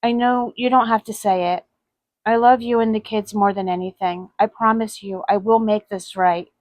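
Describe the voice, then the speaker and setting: A woman reading as a soft, remorseful father. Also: mid-range voice, fairly even intonation, normal speed, no echo, lightly acted. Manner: soft-spoken. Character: remorseful father, quiet and ashamed.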